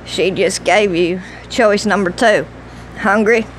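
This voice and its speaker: A woman reader voicing a calm, kindly, gently wry older man in an audiobook. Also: mid-range voice, takes it slowly, slight background noise, close to an everyday voice, low-quality recording.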